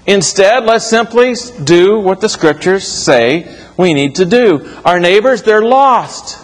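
A man's voice: high-pitched, animated, takes it slowly. A man preaching a sermon to his congregation in a church, talking it through conversationally and correcting himself as he goes. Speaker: pastor. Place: church sanctuary. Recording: reverberant hall.

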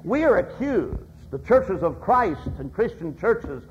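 Speaking slowly in a high, very animated voice, an older man preaches and tells folksy stories, performing the voices in each anecdote. The recording is dull and lo-fi, with a little hiss or hum.

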